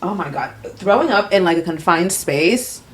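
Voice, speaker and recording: A woman co-hosting a podcast, giving low-key, murmured reactions in a casual chat. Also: animated, moderate pace, breathy edge. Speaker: podcast co-host.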